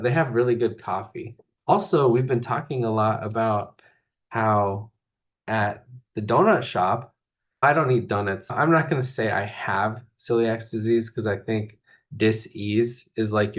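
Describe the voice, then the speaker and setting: A man's voice: on the low side, measured pace. A man hosting a casual spiritual talk, rambling loosely and filling his speech with "like". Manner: rambling, filler-heavy, full of "like". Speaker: spiritual coach and host.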